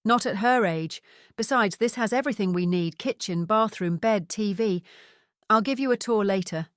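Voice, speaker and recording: A man's voice: sits high, normal speed, fairly bright tone, smooth, no echo, clean studio sound. A woman voicing a jovial Scottish father in his seventies, talking in a hearty, cheerful way. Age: 70s.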